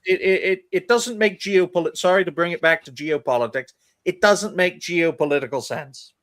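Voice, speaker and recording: Animated male podcast host. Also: high voice, moderate pace. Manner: animated, addresses listeners as folks. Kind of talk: casual panel chat.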